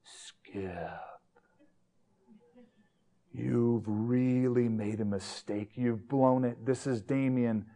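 A pastor voicing a menacing male caller who speaks in a low, slow, threatening voice. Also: steady tone, dark tone.

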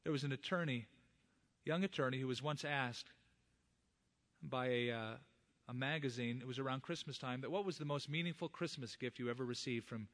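A man's voice: medium pitch, fairly quick, fairly bright tone. A middle-aged man, a pastor, preaching a sermon and earnestly addressing the fathers in the congregation.

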